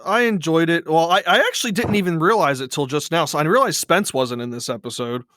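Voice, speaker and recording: A man's voice: on the high side, fairly bright tone, no echo, clean studio sound. A man with a Philadelphia accent, chatting casually as a podcast guest, often restarting his sentences. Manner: rambling, halting with restarts. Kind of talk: casual chat.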